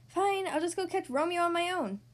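A woman's voice: very high voice, fairly quick, pitched above the performer's own voice. A woman voicing a stubborn, easily hurt young girl superhero in a storybook.

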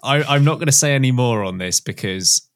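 A man's voice: mid-range voice, animated, a little fast, background noise. A man hosting a casual sports podcast, moving the talk from segment to segment with a wry tone. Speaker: podcast host. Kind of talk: casual chat.

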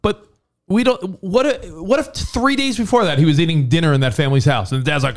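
A man co-hosting a podcast in casual chat, arguing his point with swearing and quick jokes. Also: fairly high pitch. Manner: argumentative, profane, quick jokes. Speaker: podcast co-host.

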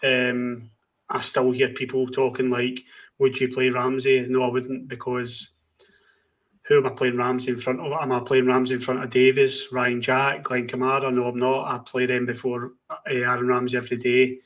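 A man co-hosts a casual podcast in a flat, even voice. He gives blunt opinions and answers his own rhetorical questions. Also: mid-range voice, normal speed. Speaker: podcast co-host.

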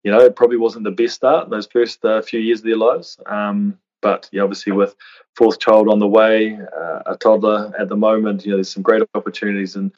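A man in his thirties talks earnestly as a podcast guest, often restarting phrases. His voice sits low and stays level. The recording sounds dull and lo-fi. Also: flat delivery, fairly quick, darkish tone. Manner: earnest, many restarts and "you know" fillers. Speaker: podcast guest, retired rugby player. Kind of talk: reflective interview talk. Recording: dull lo-fi audio.

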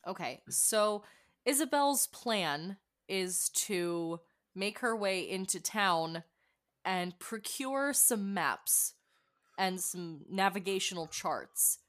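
A woman's voice: mid-range voice, lively intonation, slow pace, fairly bright tone. A woman playing in a tabletop role-playing game who speaks in a bubbly, theatrical way and talks directly to the listeners. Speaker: player. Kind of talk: tabletop game player chat.

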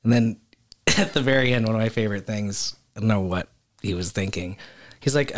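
A man's voice: on the low side, a little fast. A man in casual chat, retelling a story animatedly with lots of "like" and laughter. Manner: animated storyteller, heavy filler "like", laughs often.

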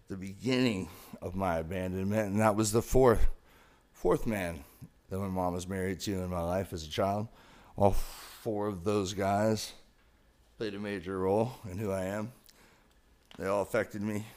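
A man in his forties hosting a podcast, giving an emotional, confessional monologue about his past that builds to intense emphasis. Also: low-pitched. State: emotional, broken up. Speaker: podcast host.

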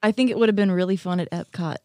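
A woman's voice: fairly low pitch, fairly even intonation, rapid-fire, darkish tone, no room sound, clean studio sound. An adult woman in a casual chat, candidly telling a personal story. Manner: candid, laughs while telling.

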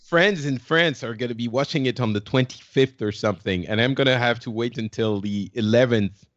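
A man's voice: medium pitch, a little fast, no room sound, lo-fi sound. A man co-hosting a gaming podcast, musing thoughtfully in casual chat.

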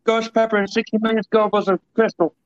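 A man's voice: high-pitched, level tone, quick pace, no echo. A man co-hosting a podcast, reading out challenge steps and cursing now and then in casual chat. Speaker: podcast co-host. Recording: dry muffled call audio.

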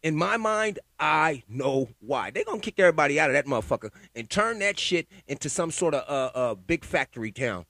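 A man's voice: a little high, very animated, fast, few pauses, fairly bright tone, no echo. A man ranting alone in a heated, profane, conspiratorial way, repeating himself and building up steam. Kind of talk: profane solo rant.

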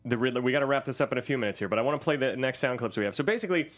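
A man's voice: medium pitch, rapid-fire. A man co-hosting a podcast, chatting casually and animatedly about a movie, joking and acting out lines. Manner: animated, jokey, acts out quotes, swears casually. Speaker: podcast co-host.

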